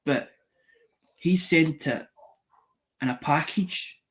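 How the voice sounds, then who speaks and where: A man's voice: on the high side, takes it slowly, fairly bright tone. A man hosting a live mail-call stream, telling a long casual story full of restarts, acted-out quotes and the odd swear word. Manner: retells conversations by quoting them. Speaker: channel host doing a live mail call.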